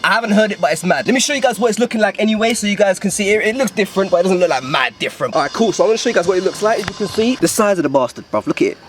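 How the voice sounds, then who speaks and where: A young man talks in a casual car vlog, full of hyped slang banter. His voice sits high and runs quick. Engine and street noise can be heard clearly around him. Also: lively intonation. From England. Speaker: car vlogger.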